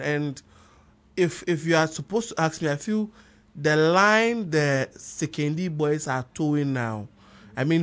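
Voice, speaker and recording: A man with a Ghanaian accent speaking as a studio guest on a radio panel, giving his view in a measured, reflective way. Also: on the high side.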